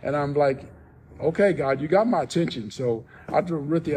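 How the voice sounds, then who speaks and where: A man as a podcast guest, telling a personal story in casual talk, soft-spoken and rambling with many restarts. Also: fairly high pitch, normal speed, background noise.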